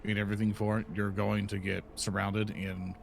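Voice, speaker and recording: A man at a tabletop game laying out tactics at length. His low, gravelly voice has a faint hum behind it. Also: flat delivery, normal speed. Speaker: player. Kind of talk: casual game table chat.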